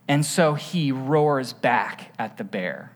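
Animated, chatty preacher with swinging pitch. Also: slow. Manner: lively, asks the listeners rhetorical questions; tells stories with voiced sound effects. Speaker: pastor. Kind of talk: conversational sermon.

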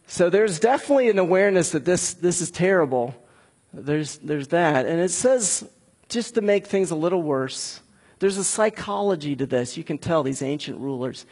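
Husky, slightly high-voiced male pastor; casual, lively preaching that talks with the room. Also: normal speed, long reverb tail. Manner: conversational, animated, talks with the congregation. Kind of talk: sermon.

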